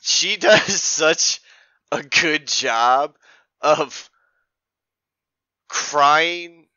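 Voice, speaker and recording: A man's voice: a little high, extremely slow, sharp tone, no room sound, lo-fi sound. An American man co-hosting a podcast, recapping a TV episode in rambling casual chat full of "like" and restarts that trail off. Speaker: podcast co-host.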